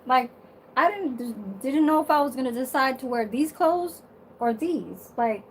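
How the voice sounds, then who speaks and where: High-voiced sassy woman chatting to viewers. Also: lively intonation, unhurried, slight background noise, rough recording. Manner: sassy and blunt, swears, laughs often. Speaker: vlogger. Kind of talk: casual chat to viewers. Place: her bedroom.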